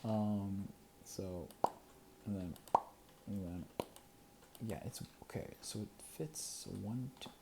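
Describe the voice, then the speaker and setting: This deep voice moves slowly, leaving long pauses, and the recording is very noisy. It belongs to a creator casually talking to themselves during gameplay, counting quietly, chuckling, and sometimes dropping to a whisper.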